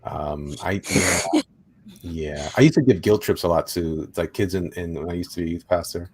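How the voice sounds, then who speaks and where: A husky man in a casual chat who jokes at his own expense. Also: low voice, normal speed, darkish tone, rough recording. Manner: joking, self-deprecating. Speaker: former youth pastor.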